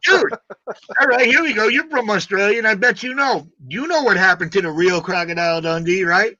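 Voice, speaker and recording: An American man hosting a live stream, joking loudly and swearing in casual banter. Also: high voice, a little fast, dry recording, muffled recording. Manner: loud, joking, profane banter.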